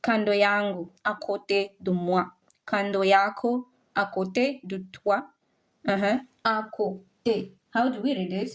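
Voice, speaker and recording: A woman's voice: mid-range voice, fairly even intonation, unhurried. A woman teaching a live online French class, patiently repeating each word to drill its pronunciation and mixing in English and some Swahili.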